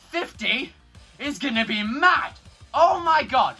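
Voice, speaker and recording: A young man reacting to a trailer on his channel, excitable, shouting and rattling on like a hyped-up fan. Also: very high-pitched, faint music behind. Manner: excitable, shouts and laughs, rapid fan chatter.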